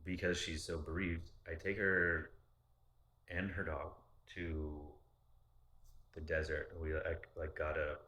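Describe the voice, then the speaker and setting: Low-voiced man, candid and profane. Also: flat delivery, slow, long pauses, bright, forceful tone. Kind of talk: casual storytelling. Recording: roomy echo.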